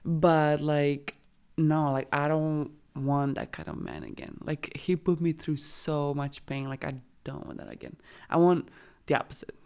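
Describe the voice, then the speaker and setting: Low, smooth-voiced woman talking frankly. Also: animated, a little slow, warm tone. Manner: frank and emphatic, lots of "like". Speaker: podcast guest. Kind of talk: casual podcast chat.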